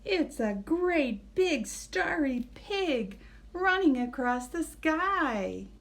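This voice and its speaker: A woman voicing an excitable young male pig in a storybook, with eager, squealing lines. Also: high-pitched, drawn-out words, voice pushed up, full character voice. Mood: excited.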